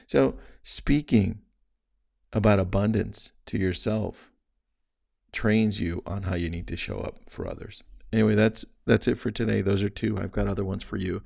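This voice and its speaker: Man, podcast host, casual coaching, very gravelly, dry close sound, chuckles now and then. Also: on the low side, darkish tone, no echo. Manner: conversational, often adds "right?" and voices his own inner thoughts; chuckles mid-sentence. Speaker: real estate podcast host. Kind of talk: casual mindset coaching monologue.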